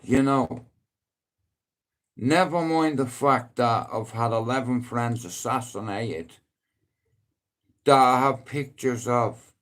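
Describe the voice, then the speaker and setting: Slow-talking middle-aged Dublin man. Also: mid-range voice. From Ireland. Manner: rambling, swears freely, bursts into loud emphatic outbursts. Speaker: live streamer. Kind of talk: casual live-stream monologue.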